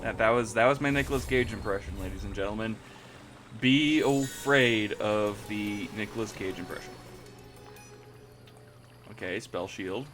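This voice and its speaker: A young man giving casual commentary while playing a card game, reacting with sudden high-pitched exclamations. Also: moderate pace, pauses often, over music. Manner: animated, jumps into high squeaky exclamations. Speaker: gaming channel host.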